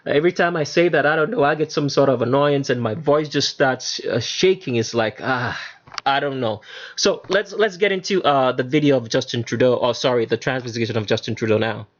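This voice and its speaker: A man's voice: mid-range voice, fairly quick, dull audio. A man hosting his own channel, talking emphatically in a solo monologue over pictures, with many fillers and restarts. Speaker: channel host.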